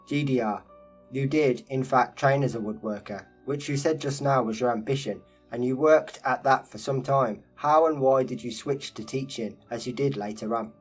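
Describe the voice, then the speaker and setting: A man's voice: mid-range voice, normal speed, distant mic, soft background music, close to an everyday voice. A man reading an interviewer's polite question in his own plain voice. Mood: inquiring. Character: adult male interviewer asking a polite question.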